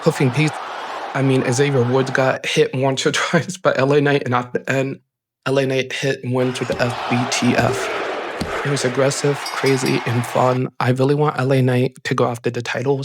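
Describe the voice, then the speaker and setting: A man hosting a casual recap show, talking in an excited, rambling way full of "like" fillers. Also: medium pitch, moderate pace, noisy background. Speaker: show host. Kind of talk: casual wrestling episode recap.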